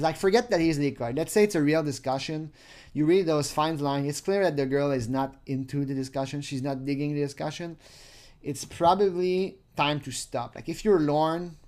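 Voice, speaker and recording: A man's voice: on the high side, a little mellow. A man giving crude, sarcastic running commentary while reading chat logs aloud. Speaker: commentary host.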